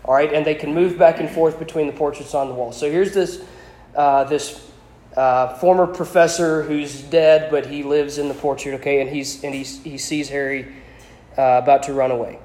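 Higher-voiced man reading a novel aloud. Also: steady tone, normal speed, a little mellow, reverberant, rough recording. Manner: informal asides, with hesitations and repeats.

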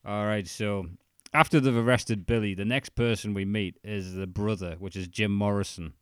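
A man's voice: on the low side, steady tone, moderate pace, clean tone, no echo, clean studio sound. A man co-hosting a casual podcast chat, retelling a story with joking asides. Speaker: podcast co-host. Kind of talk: casual chat recapping a documentary.

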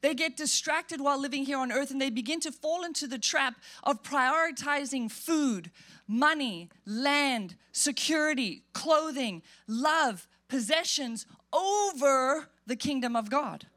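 A woman pastor preaching a sermon in church, emphatic and animated, acting out quotes as she goes. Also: high-pitched, a little slow.

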